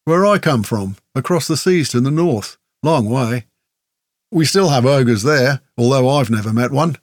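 A man's voice: mid-range voice, lively intonation, measured pace, no echo, natural voice. A man playing a worn-out orc traveller on a mission, blunt and plain-spoken, in a mid-range voice close to the reader's own. The sound is dry and close. It fits a fantasy audiobook. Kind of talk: audiobook character voice.

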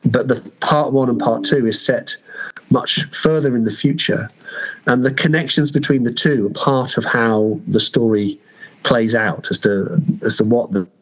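A husky-voiced Englishman with an English accent chats as a guest novelist. He talks in a hesitant, rambling way, often restarting his sentences and playing himself down. His voice sits at an ordinary pitch for a man. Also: steady tone, normal speed, rough recording. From England. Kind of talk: casual interview chat.

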